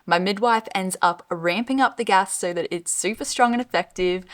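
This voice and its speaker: A woman's voice: mid-range voice, normal speed. A young Australian woman recounting a personal experience in the present tense, in a reflective and vivid way. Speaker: vlogger co-host. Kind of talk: personal storytelling.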